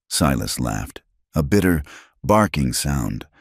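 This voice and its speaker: A man with an extremely deep voice narrates a scripted story in a steady, measured way. The recording is close and very dry, with no room sound around him. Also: dry recording.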